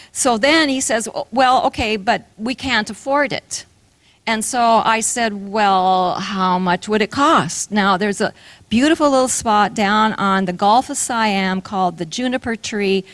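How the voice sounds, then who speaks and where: An older woman preaches with earnest warmth, weaving a personal story into her message and turning to the listeners with questions. Her voice sits at a middle pitch and is recorded dry and close, with little room sound. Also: dry recording.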